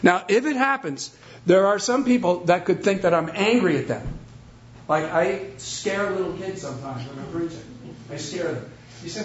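A man's voice: a little high, animated, normal speed, dull audio, slight background noise. A middle-aged man from the New area, a pastor chatting and joking with his congregation before his sermon. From New York metropolitan area. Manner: chatty, self-deprecating, joking storyteller.

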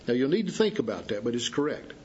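A man preaching a sermon, teaching slowly and deliberately with pauses for emphasis. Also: mid-range voice, very animated, a little mellow, slight background noise. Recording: dull lo-fi sound.

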